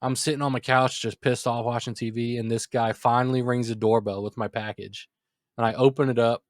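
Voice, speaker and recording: A man's voice: mid-range voice, a little fast, no echo. Podcast co-host, male, thirties, irritated storyteller, dry close-mic sound. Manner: exasperated, animated storytelling. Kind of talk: casual ranting story.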